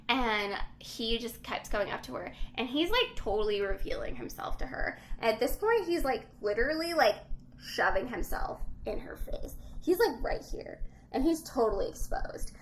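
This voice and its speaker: A woman's voice: high-pitched, moderate pace, slight background noise, poor audio. A young woman casually recapping a book on a podcast, animatedly acting out the characters' lines. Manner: animated storytelling, acts out quotes. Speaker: podcast co-host.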